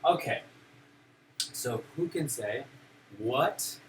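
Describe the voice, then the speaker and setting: A male teacher leads a classroom of young children through simple English, playful and encouraging as he acts out emotions. His mid-range voice is expressive, with drawn-out words. The distant mic picks up room noise.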